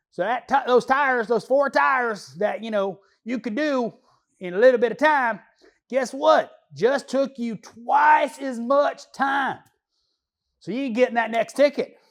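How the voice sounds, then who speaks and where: Man voicing a lazy slacker mechanic, squeaky high voice, gravelly fry, rambling slangy talk, comedy character. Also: exaggerated voice. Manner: rambling, slangy, joking, loose grammar. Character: lazy slacker male car mechanic, proud of dodging work. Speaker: auto mechanic.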